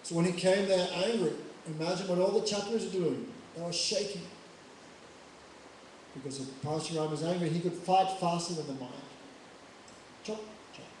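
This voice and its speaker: A man preaching in an animated way, retelling scripture stories and laughing at his own jokes. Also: sits high. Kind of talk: devotional storytelling sermon. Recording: echoey hall, mic far off, faint noise.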